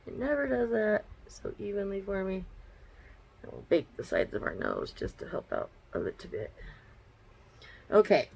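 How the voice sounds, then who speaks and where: A woman's voice: fairly low pitch, vocal fry, poor audio. A woman chatting bluntly in a casual makeup vlog at home, swearing freely as she talks through each step. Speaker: beauty vlogger. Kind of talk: casual get-ready-with-me chat. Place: her bedroom at home.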